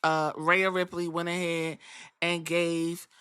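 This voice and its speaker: A woman hosting a podcast, recapping wrestling in animated, profane storytelling. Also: lowish voice, takes it slowly, clear, resonant tone. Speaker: podcast host.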